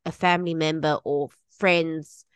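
A woman's voice: low voice, fairly even intonation, a little slow, clear, resonant tone, no room sound. A woman in her thirties talking in a casual, emotional chat, rambling with many restarts and fillers. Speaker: podcast co-host.

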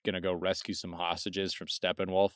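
A man's voice: low voice, completely flat delivery, a little fast, no room sound, clean studio sound. A man co-hosting a casual movie podcast, rambling with restarts and casual swearing. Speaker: podcast co-host. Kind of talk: casual film review chat.

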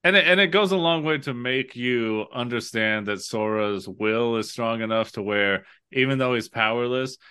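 A man chatting on a gaming podcast with a bright, smooth voice. He swears a lot and tells game stories in an animated way, often acting out what happens. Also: mid-range voice, moderate pace, hardly any pauses. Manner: profane, animated storytelling. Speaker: podcast co-host. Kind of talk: casual gaming chat.

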